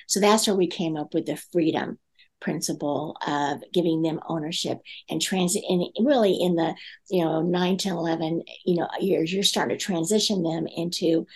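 A middle-aged woman with a lowish voice tells a story in conversation. She acts out both sides of an exchange and leans on plenty of fillers as she goes. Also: creaky, husky. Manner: animated storyteller acting out dialogue, many fillers. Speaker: guest parenting speaker.

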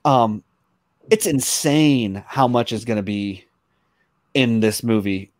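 A man's voice: medium pitch, slow pace, dry recording. Male panelist, rambling casual talker, dry close mic. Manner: rambling, full of "um" and "like". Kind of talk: casual chat.

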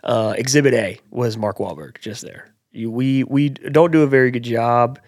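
A man's voice: mid-range voice, normal speed, darkish tone, dry recording, clean studio sound. A man co-hosting a podcast in casual chat, rambling and joking about himself. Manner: self-deprecating, rambling with restarts. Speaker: podcast co-host.

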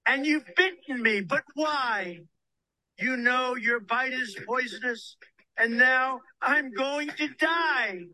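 A kind, tender-hearted woman speaks in slow recited verse, read by a man. The voice sits high and bright. The delivery is unhurried. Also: heavily acted, poor audio. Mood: pained.

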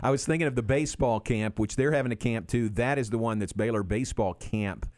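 A man's voice: mid-range voice, fast, darkish tone, no room sound. Easygoing male radio host, dry studio. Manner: easygoing, jokey interviewer. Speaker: radio talk show host. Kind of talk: radio interview.

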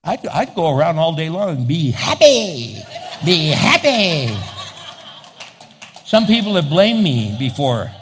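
A man preaching a sermon as pastor, animated, acting out little dialogues and laughing often. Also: a little high, moderate pace, hardly any pauses, slight background noise. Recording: long hall reverb.

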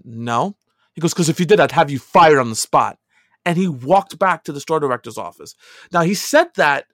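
A middle-aged man casually telling a long personal story, dropping to quiet asides and rising to loud, emphatic lines. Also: on the high side, gravelly, no echo, studio quality. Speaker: podcast co-host telling a story.

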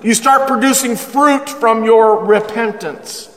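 Bright, energetic middle-aged male pastor. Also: extremely high pitch, long reverb tail. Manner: energetic, humorous, emphatic preaching, slowing down for scripture. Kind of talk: sermon. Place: church.

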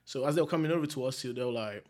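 A man's voice: mid-range voice, racing, a little mellow. A young adult man from England, a guest telling a story in a casual, slangy, laid-back way and laughing often.

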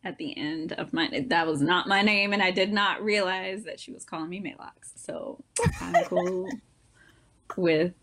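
A woman's voice: on the low side, normal speed, fairly bright tone. A young woman speaking as a guest in a casual chat, rambling a little and laughing through her stories.

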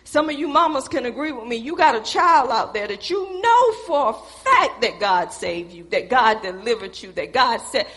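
A woman's voice: on the high side, big pitch swings, moderate pace, hardly any pauses, pushed and bright, long reverb tail. A woman preaching a sermon in a church, talking straight to the congregation in a conversational, emphatic way.

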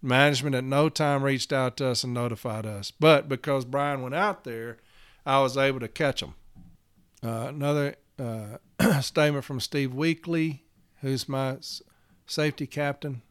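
A man's voice: mid-range voice, normal speed, clean tone. A man telling a work story in a casual podcast as a union representative, blunt and emphatic, swearing freely.

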